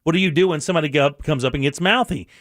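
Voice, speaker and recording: A man's voice: fairly high pitch, racing, fairly bright tone, dry recording, studio quality. A man hosting a talk show, telling stories animatedly and acting out quoted voices. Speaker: radio talk show host. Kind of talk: casual talk show chat.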